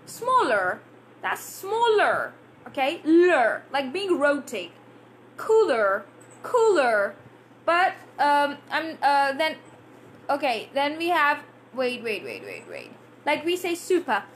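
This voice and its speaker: A woman teaching a live English pronunciation lesson, repeating words slowly and answering viewers' questions. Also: high voice, a bit bright, slight background noise. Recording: faint room ambience.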